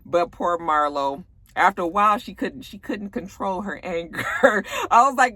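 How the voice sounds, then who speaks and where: A woman's voice: mid-range voice, lively intonation, moderate pace, pushed and bright, no echo. A woman recapping a reality show in casual chat, sassy and profane, acting out quotes. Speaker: TV recap vlogger.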